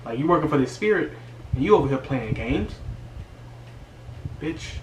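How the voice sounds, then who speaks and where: A man's voice: medium pitch, animated, fast talker, a little hiss or hum. Man, casual slangy movie recap, exasperated, distant mic, roomy echo. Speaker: movie reviewer.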